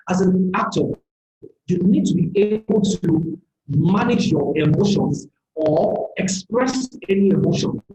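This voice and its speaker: A speaker delivers an earnest, motivational career seminar with a mellow, soft-edged tone. The talk halts now and then on fillers and restarts. The voice sits in a roomy, echoey space. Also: mid-range voice, vocal fry.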